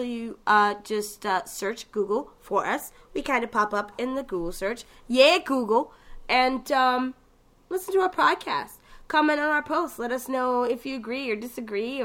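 A woman with a Boston accent co-hosting a casual podcast, brash and quick to swear and laugh. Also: on the high side, fairly bright tone. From Massachusetts. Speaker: podcast co-host. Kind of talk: casual chat.

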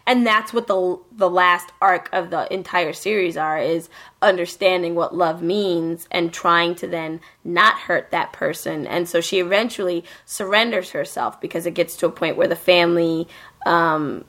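A young woman co-hosting a casual chat about anime, animated and profane, acting out characters as she recaps. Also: on the low side, normal speed.

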